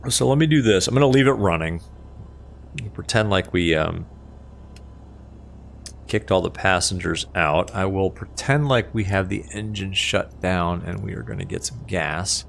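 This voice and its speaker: A man's voice: sits low, measured pace, creaky, slight background noise. A man giving chatty, self-mocking live commentary as a flight sim streamer, laughing often at himself.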